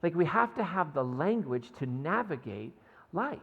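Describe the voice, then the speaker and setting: Male pastor with a gravelly, slightly high voice, casual chatty sermon style, long church-hall reverb. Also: very animated, normal speed, fairly bright tone, dull audio. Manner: conversational, frequent "right?" and "like". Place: church sanctuary.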